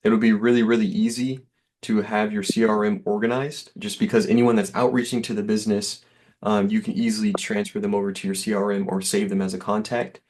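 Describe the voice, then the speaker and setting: A man's voice: fairly low pitch, level tone, a little fast, darkish tone, a little hiss or hum. A man giving an easygoing, reassuring sales demo over a call, with lots of fillers. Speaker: software sales rep.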